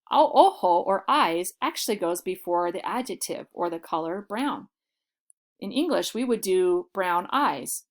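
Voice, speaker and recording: A woman with a medium-pitched voice teaches a Spanish vocabulary lesson, explaining patiently and saying model phrases slowly and clearly.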